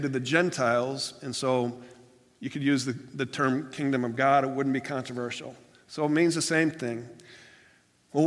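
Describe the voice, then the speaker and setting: A man's voice: fairly high pitch, fairly bright tone. A man preaching a sermon as pastor, telling stories in an earnest, plainspoken way with some restarts. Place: church sanctuary. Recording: long hall reverb.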